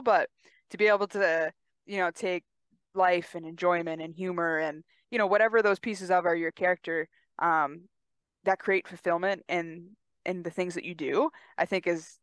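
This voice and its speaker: A woman's voice: lowish voice, no echo. Woman cohost musing about team stuff, swears a lot, super dry close mic. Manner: candid and reflective, swears casually. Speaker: podcast co-host and athlete. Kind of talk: casual chat.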